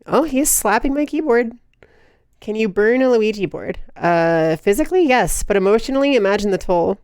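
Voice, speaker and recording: A woman's voice: medium pitch, lively intonation, moderate pace, darkish tone, clear, resonant tone, dry recording, studio quality. A woman live-streaming in casual chat, playful and giggly, teasing her viewers and cooing baby talk at her cat. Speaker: livestreamer.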